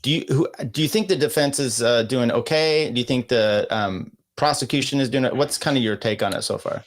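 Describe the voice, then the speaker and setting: A man's voice: mid-range voice, fairly quick. A man from California hosting a podcast, casual chat with frequent laughs and restarts. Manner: laughs often, fillers and restarts. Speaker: podcast host.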